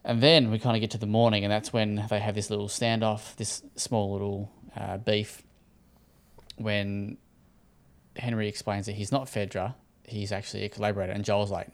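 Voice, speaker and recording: A man's voice: on the low side, little pitch movement, normal speed. A man with an Australian accent, casually recapping a show episode as a podcast co-host, rambling and swearing. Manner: rambling, laid-back, swears and laughs often. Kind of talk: casual chat.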